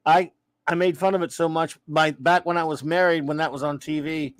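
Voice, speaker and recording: New guy hosting a chat show, bit high pitched, rambly, dry close mic. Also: fairly even intonation, brisk, no echo. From New Orleans, USA. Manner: rambling, self-interrupting, playful. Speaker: podcast host reading chat. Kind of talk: casual chat.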